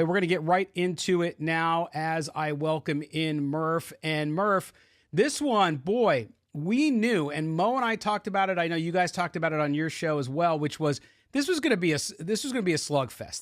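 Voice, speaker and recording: A man's voice: on the high side, lively intonation, normal speed, dry recording. A man hosting a live postgame sports show from his home studio, talking conversationally and leading the segment. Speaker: host.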